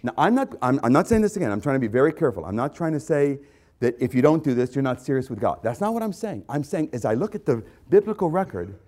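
An impassioned male pastor preaches in a mid-pitched voice. He repeats phrases for emphasis and swings between bursts and low, intense asides. It is a sermon delivered to a congregation. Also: slightly rough. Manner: impassioned, repetitive, swings loud to soft.

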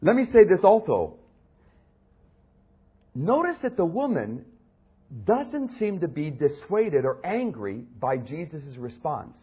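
A male pastor preaching with a husky, slightly raspy voice that sits a little high for a man. His delivery swings widely in pitch as he reads passages aloud and acts out the people in them. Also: very animated, slow pace, long pauses, mellow. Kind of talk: sermon.

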